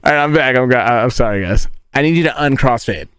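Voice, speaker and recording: A man's voice: medium pitch, expressive, quick pace, fairly bright tone, clear, resonant tone. Crude joking young man streamer. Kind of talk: casual live-stream chat and storytelling. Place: inside a tent.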